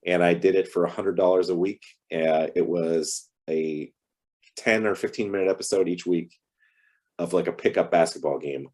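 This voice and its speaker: A deep-voiced man with a slightly husky tone chats on a video call. He tells anecdotes in a relaxed, lively way, often slipping into quoted dialogue. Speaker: actor guest. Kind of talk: casual interview storytelling.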